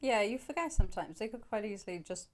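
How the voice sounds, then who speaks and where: A woman's voice: medium pitch, lively intonation, quick pace. Welsh woman, craft demonstrator, chatty step-by-step talk, faint hiss behind. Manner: chatty, explains each step as she works. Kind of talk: live craft shopping demonstration.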